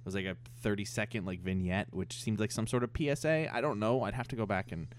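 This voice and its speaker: Young adult male co-host, low-pitched voice, relaxed chatty delivery, easygoing review tone. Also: fast. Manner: laid-back, frequent "um" and "yeah", laughs at jokes. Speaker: podcast co-host reviewing a cartoon. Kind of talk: casual chat.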